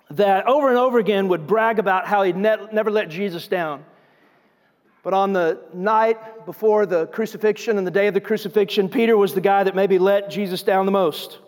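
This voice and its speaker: A man's voice: sits high, big-room sound. A male pastor preaching a sermon, telling the scripture story in a conversational way and acting out the scenes. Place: church sanctuary.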